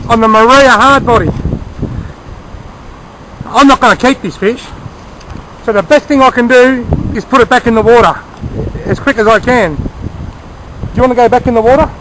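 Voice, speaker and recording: High-voiced fishing vlogger. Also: male voice, normal speed, long pauses, pushed and bright, a little hiss or hum, low-quality recording. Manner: chatty, enthusiastic, explains gear and tips. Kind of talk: casual outdoor narration. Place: outdoors by a small creek.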